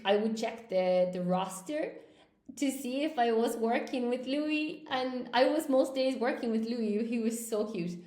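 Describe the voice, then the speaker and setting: A woman's voice: a little high, a little mellow. A woman, an English teacher chatting casually on a livestream and reading out viewer comments, often tagging "you know?" onto her points. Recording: roomy echo, faint background hum.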